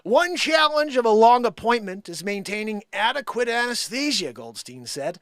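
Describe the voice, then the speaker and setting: Male comic host, high bouncy voice, dry close sound, hammy announcer reads. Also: big pitch swings, moderate pace, fairly bright tone, no room sound. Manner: playful, laughing, mock radio-announcer delivery. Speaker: live music and comedy show host. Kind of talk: comic live-stream news reading.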